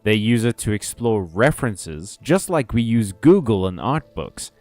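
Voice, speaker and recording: Brief: ranty, rambling male game streamer, low smooth voice, dry close mic. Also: very animated, a little slow, few pauses, a little mellow, dry recording. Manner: rambling, ranty, laughs often. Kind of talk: casual game stream chat.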